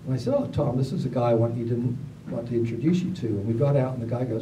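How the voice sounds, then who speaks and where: A man, telling stories to a gathering in a casual, animated way, acting out other people's lines. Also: mid-range voice, fast talker, hardly any pauses. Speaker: storyteller at a gathering. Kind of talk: casual spoken storytelling. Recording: roomy, distant mic, faint background noise.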